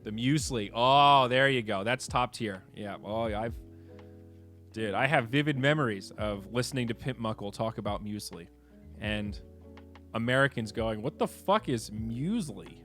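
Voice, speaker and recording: A man hosting a casual livestream chat, animated and swearing, moving between low mutters and excited outbursts. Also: moderate pace, soft background music. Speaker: streamer host.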